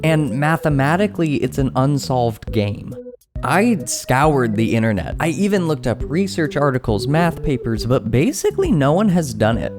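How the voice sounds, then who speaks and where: A young man narrating a comedic tech vlog, animated and exclaiming, bantering with himself, with faint music behind. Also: mid-range voice, normal speed. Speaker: YouTube creator.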